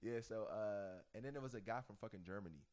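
A man's voice: fairly low pitch, quick pace, darkish tone. A young man in his twenties from Washington DC, a podcast guest in casual chat who says "bro" constantly.

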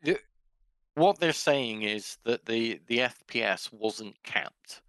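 A man's voice: mid-range voice, expressive, slow, a bit bright, clear, resonant tone, no room sound. Guy explaining tech stuff on a gaming podcast, dry close recording. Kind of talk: casual gaming podcast chat.

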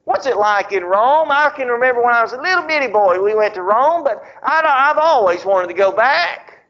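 A man's voice: very high voice, expressive, a little fast, a bit bright. A man voicing a cheerful, eager young man who chats in a friendly way, on a dull lo-fi recording. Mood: chatty.

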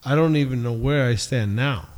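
A man's voice: mid-range voice, normal speed, a little mellow. A drunk man in casual banter with friends, rowdy and blustering, swearing often.

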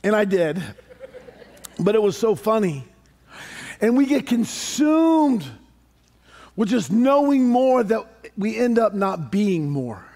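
A middle-aged man preaching a sermon as a pastor, conversational and animated, with humorous asides to the congregation. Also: high-pitched, slow pace, gravelly.

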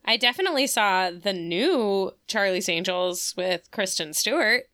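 A woman trades dry, wry remarks in a casual recap podcast. She speaks slowly, and her voice is smooth and bright. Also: medium pitch, lively intonation, dry recording. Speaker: podcast co-host.

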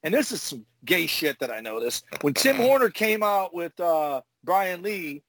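High-voiced profane man telling stories. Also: unhurried, no echo. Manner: profane, animated storyteller acting out moves. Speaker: retired pro wrestler, podcast host. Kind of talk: casual storytelling chat.

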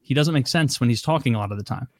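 A man speaks at a middle pitch in a casual podcast chat. He is blunt and opinionated, saying what he thinks without softening it. The sound is dry and close. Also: very fast, no room sound.

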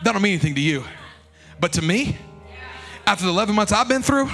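A pastor preaches in a church with a high, bright, ringing voice. His delivery climbs into shouted, half-sung cadences, with soft music faint behind him. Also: expressive, quick pace, pauses often. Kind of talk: sermon. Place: church sanctuary.

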